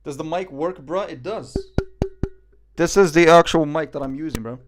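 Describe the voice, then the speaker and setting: Higher-voiced joking man streaming live. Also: moderate pace. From Morocco. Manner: joking, self-mocking banter. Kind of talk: casual live-stream chat.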